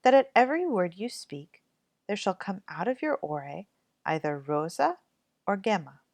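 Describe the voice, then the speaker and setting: A woman voicing a kind fairy who grants gifts, in a soft, gracious manner, for a storybook read-aloud. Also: medium pitch, sing-song, moderate pace, vocal fry, no room sound.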